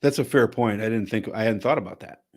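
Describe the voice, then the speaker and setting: A man hosting a podcast in casual chat, rambling and restarting his phrases as he thinks out loud. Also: fairly low pitch, fast talker. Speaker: podcast host.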